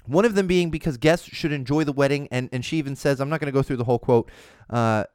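A man in his thirties hosting a casual news chat podcast, animated and rambling, full of asides. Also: mid-range voice, quick pace, clear, resonant tone, no echo, clean studio sound. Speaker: podcast host.

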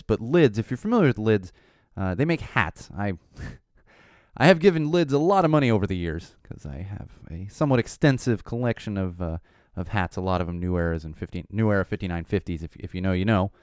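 A middle-aged man hosting a podcast, rambling casually with lots of fillers, his voice a little hoarse and tired. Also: lowish voice, brisk, no room sound, clean studio sound. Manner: rambling, animated, frequent "uh" fillers. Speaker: podcast host. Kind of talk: casual solo chat.

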